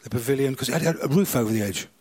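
A man telling his own life story to an audience, animated and acting out the conversations he recalls. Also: mid-range voice, very fast. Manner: animated storyteller, acts out dialogue. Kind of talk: personal testimony to an audience.

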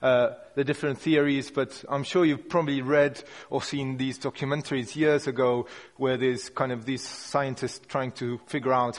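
A man giving an informal sermon, talking through a passage in a conversational, unpolished way, often restarting phrases. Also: mid-range voice. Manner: conversational and unpolished, with frequent restarts and hedging words. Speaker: preacher. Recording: long hall reverb.

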